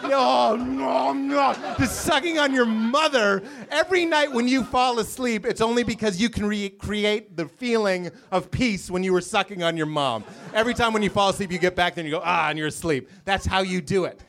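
A man performing a stand-up set at a comedy club, swinging between shouting and low mumbles, with the audience laughing. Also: moderate pace, gravelly, hardly any pauses. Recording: live crowd laughing.

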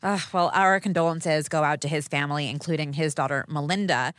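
Low-voiced chatty woman co-host. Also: brisk, fairly bright tone, smooth, no room sound. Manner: chatty, fan-like enthusiasm. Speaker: show co-host. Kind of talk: talk show chat.

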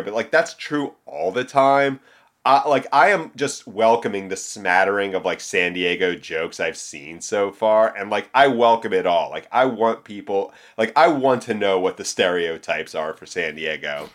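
A man's voice: low voice, expressive, normal speed, a bit bright. A man from the Philadelphia area talking sports casually, rambling with many fillers and laughing easily. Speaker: podcast guest.

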